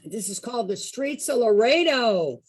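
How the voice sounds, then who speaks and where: A woman telling a story to a group in an animated way, often asking her listeners questions. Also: fairly high pitch, normal speed, slightly rough. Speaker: storyteller and song leader.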